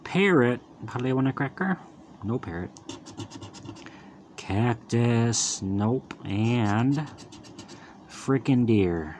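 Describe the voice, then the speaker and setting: A man at a middling pitch talks his way through scratch-off tickets in an unhurried, easygoing drawl. He names each symbol as it appears and tosses in playful asides. A faint hiss of background noise sits under his voice. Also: lively intonation, darkish tone. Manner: calls out each symbol, upbeat wisecracks. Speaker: lottery scratch-off channel host. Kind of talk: casual running commentary while scratching tickets.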